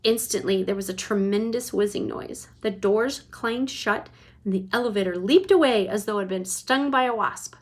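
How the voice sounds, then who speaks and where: A woman reading a children's chapter book aloud to her child, lively and expressive. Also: medium pitch, moderate pace. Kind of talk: bedtime read-aloud.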